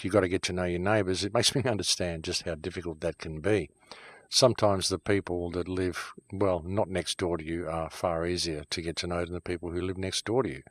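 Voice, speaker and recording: A man's voice: low-pitched, dry recording. A middle-aged man hosting his own show, giving a heated, emphatic monologue from a backyard shed studio in the countryside. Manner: heated and emphatic, then calmer and wry. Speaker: host. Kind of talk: ranting monologue to camera.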